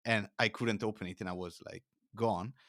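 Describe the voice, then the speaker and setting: A man as a podcast guest, telling stories in a casual, animated way. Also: fairly low pitch, normal speed, no room sound, clean studio sound. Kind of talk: casual chat.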